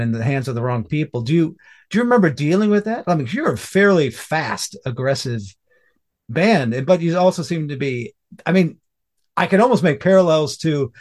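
A man interviewing a musician, asking long, searching questions full of restarts. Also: a little high. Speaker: interviewer, podcast host. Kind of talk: casual interview conversation.

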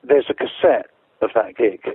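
A man's voice: mid-range voice, moderate pace, breathy edge, dry recording, narrow, tinny audio. A man telling a long, profane tour story in a casual way, laughing often and acting out what other people said. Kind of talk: casual anecdote, sweary storytelling.

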